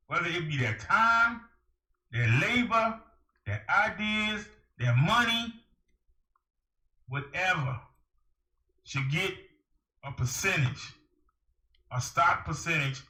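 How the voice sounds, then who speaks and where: Here a vlogger with a slightly high, sharp-toned voice lectures the camera with insistent advice and a stream of rhetorical questions. There's noticeable echo from the room.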